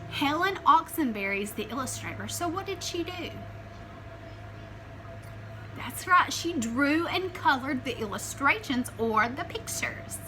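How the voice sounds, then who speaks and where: A woman teacher reading a picture book aloud to children, animated and asking them questions as she goes. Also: sits high, poor audio. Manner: animated, asks the listeners questions.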